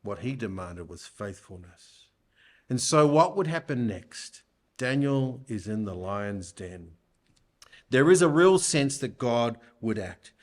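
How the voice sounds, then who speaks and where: This is a man preaching a sermon in a church, taking his time over each phrase. He speaks at an unhurried pace, in a voice of middling pitch, and keeps asking his listeners rhetorical questions to press his points home.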